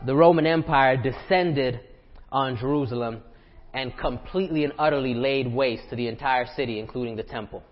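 A man's voice: mid-range voice, in a large hall, muffled recording. A man preaching a sermon as pastor, talking conversationally and asking the congregation rhetorical questions. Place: church sanctuary.

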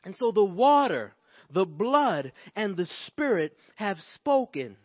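A pastor preaching a sermon, building emphasis and calling out to the congregation. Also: male voice, high-pitched, very animated, slow, no room sound, muffled recording. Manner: preaching with rising emphasis and call-outs to the congregation.

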